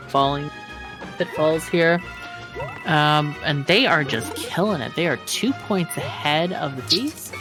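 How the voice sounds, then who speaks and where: Woman co-caster, low-pitched, lively and giggly, music behind. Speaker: co-commentator. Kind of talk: casual game commentary.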